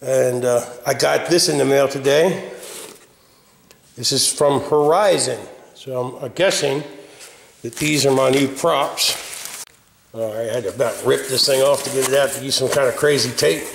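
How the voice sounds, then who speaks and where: An older man reviewing hobby gear in a casual video, gruff and blunt, ranting and cursing, recorded in a garage. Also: medium pitch, moderate pace, slight background noise. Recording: echoey room with long reverb.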